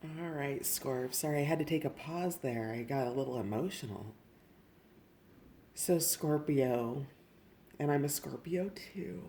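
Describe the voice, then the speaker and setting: A woman giving an intuitive tarot reading, gentle and emotional, speaking directly to the viewer. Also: deep voice, animated, moderate pace, few pauses, slight background noise. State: tearful. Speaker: tarot reader.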